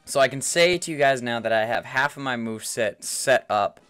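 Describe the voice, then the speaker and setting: A man talking through a video game in a relaxed, rambling way, playfully repeating words as he goes. He sits at a middling pitch for a man. He records on a headset mic. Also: normal speed, clear, resonant tone, faint music behind. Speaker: let's player. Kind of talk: casual game commentary.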